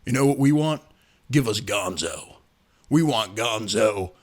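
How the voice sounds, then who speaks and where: A man putting on the low, growly voice of a gruff, unbothered football team boss. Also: lively intonation, unhurried. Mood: defiant.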